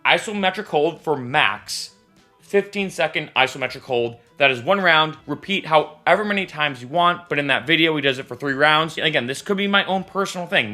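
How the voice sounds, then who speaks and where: A man's voice: fairly high pitch, lively intonation, a little fast, pushed and bright, soft background music. A man vlogging casually to camera, candid and chatty, with frequent asides like "right?" and "I'll be honest.". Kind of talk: casual vlog talk to camera.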